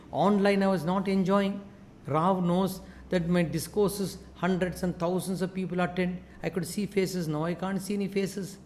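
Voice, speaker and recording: Animated Indian man giving a talk. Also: sits high, a little hiss or hum. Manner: animated storytelling, addresses listener as sir. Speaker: spiritual speaker. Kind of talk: webinar talk mixing Hindi and English. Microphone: video call.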